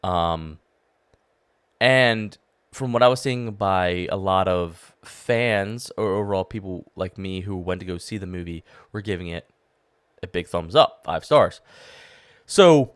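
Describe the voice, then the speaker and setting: An enthusiastic young man talks through a solo podcast review, rambling and restarting his sentences as he goes. His voice sits a little low, recorded close and dry with no room sound. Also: a little slow, clean tone, no room sound. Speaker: podcast host.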